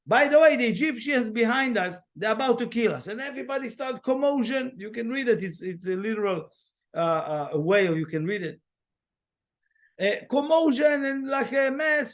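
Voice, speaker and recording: A man's voice: extremely high pitch, moderate pace. A man teaching a class on spiritual matters, talking in loose phrases with restarts and fillers and acting out the voices he quotes. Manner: animated, acts out quoted voices. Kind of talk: lecture to a class.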